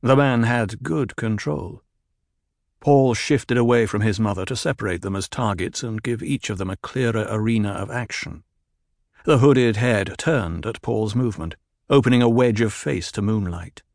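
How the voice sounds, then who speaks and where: Gravelly male audiobook narrator. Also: fairly low pitch, normal speed, a little mellow, dry recording, clean studio sound.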